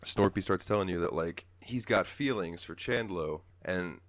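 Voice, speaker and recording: Deep-voiced laid-back man rambling. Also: moderate pace, a little hiss or hum. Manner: laid-back, rambling, laughs often, swears. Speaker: podcast co-host. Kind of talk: casual game review chat.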